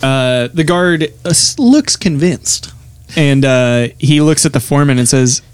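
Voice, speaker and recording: A man narrating as game master of a tabletop game, relaxed and halting with many fillers. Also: on the high side, clean tone.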